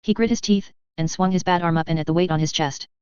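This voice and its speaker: A woman narrating a novel in a brisk, steady reading. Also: fairly low pitch, smooth, dry recording, muffled recording. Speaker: audiobook narrator. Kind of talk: scripted narration.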